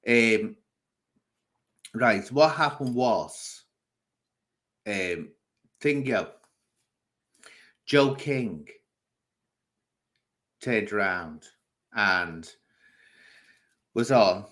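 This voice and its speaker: A man's voice: lowish voice, lively intonation, very slow, long pauses, a bit bright. A man hosting a casual livestream, bluntly scolding and answering viewers' comments. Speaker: livestream host.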